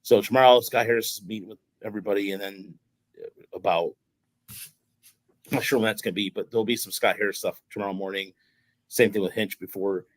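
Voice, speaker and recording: A man's voice: fairly low pitch, steady tone, fairly quick, long pauses, no echo, low-quality recording. A man hosting a sports podcast, talking casually and ranting with exasperation and lots of restarts. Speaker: podcast host.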